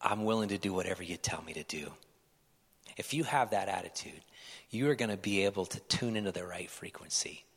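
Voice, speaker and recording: A man's voice: deep voice, brisk, creaky, slightly rough. A man preaching a sermon as pastor, earnest and pleading with his congregation. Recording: long reverb of a large hall.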